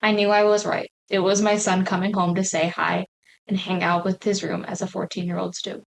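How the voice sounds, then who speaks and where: A woman's voice: mid-range voice, flat delivery, a little fast, vocal fry, rough recording. A woman hosts a podcast in a loose, conversational way. She reads a listener's story aloud without having read it first and reacts to it with plain sympathy. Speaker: podcast host. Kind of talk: casual chat and reading stories aloud.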